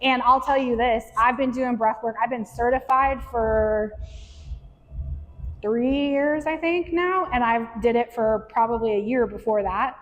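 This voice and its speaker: A woman with a slightly high voice talks earnestly to a small group, animated and now and then acting out little inner voices. Her voice carries a long reverb from the room around her. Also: a little slow. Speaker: podcast host and breath work facilitator. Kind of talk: candid talk to a live group.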